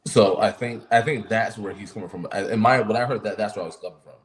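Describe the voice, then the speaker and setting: A man with a low voice co-hosts a wrestling chat, working through his point haltingly and asking questions as he goes. His delivery is casual and conversational. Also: a little hiss or hum, low-quality recording. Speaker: podcast co-host.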